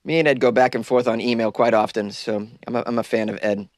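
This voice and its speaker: A man's voice: medium pitch, fairly even intonation, fast talker, darkish tone, no room sound, studio quality. A man hosting his own podcast, talking casually and loosely, rambling a bit and poking fun at himself, recorded in a small closet. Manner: loose, rambling, self-deprecating. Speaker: podcast host. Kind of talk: casual solo podcast chat.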